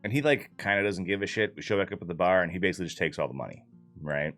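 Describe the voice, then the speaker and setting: A man with a low, fairly bright voice talks very fast as soft music plays behind him. As a player, he gives a loose, profane, filler-heavy recap of a tabletop game session.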